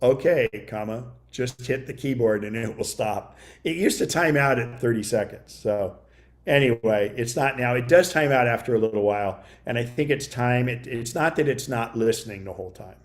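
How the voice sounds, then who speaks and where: A man's voice: mid-range voice, normal speed. A middle-aged man teaching a computer class, chatting casually and dictating punctuation aloud during a demo. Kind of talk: demonstrating voice dictation.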